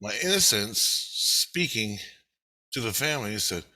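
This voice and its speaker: A man recounts a vivid dream in a loose, profane monologue, acting out each quoted voice as he goes. His pitch leaps around constantly, and his tone is bright and forceful. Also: lively intonation, a little slow. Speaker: vlogger. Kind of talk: casual storytelling monologue.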